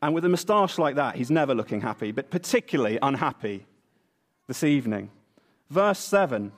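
A man preaching a sermon at the front of a church, telling a Bible story in a playful, animated way. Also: medium pitch, fairly quick.

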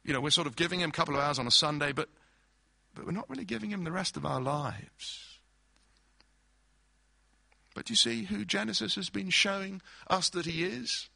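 A man's voice: high-pitched, animated, moderate pace, gravelly, pauses often, bright, forceful tone, no echo. A man preaching a sermon, explaining scripture through everyday illustrations and acted-out quotes.

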